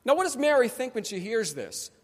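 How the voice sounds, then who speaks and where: A man preaching a sermon as pastor, animated and conversational, acting out the people he quotes. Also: very high-pitched, fairly quick. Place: church sanctuary. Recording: long church hall reverb.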